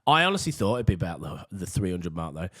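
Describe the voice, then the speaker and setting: A man with a Yorkshire accent, bantering as a podcast co-host. His low voice swings widely in pitch, with frequent swearing and laughter. The sound is dry and close. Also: sing-song, quick pace, bright, forceful tone, slightly rough, dry recording. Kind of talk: casual banter.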